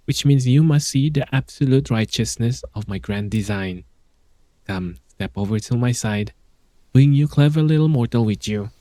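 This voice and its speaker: A man's voice: on the low side, warm tone, no echo, natural voice. Enid, a fervent grandiose ancient zealot, voiced by a man. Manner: fervent and theatrical. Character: grandiose ancient zealot craving lost glory. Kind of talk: reading game dialogue aloud.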